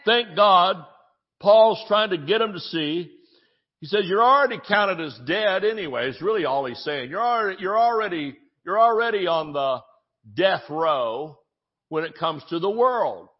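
Male pastor, slow deliberate delivery, fairly high voice, dull lo-fi sermon audio. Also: lively intonation. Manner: preaching with scripture, jokes and sudden shouts.

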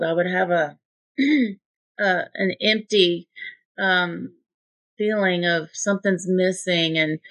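A woman's voice: medium pitch, fairly bright tone. Earnest woman sharing a testimony. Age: 50s. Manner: earnest, heartfelt storytelling. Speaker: guest. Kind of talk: personal testimony in an interview.

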